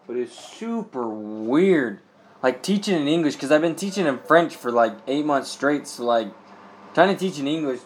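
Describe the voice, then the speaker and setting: A man's voice: fairly high pitch, expressive, moderate pace, slight background noise. Young man telling a story, laughing often. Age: young adult. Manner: rambling, lots of filler words and laughter. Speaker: missionary. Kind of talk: casual storytelling to camera.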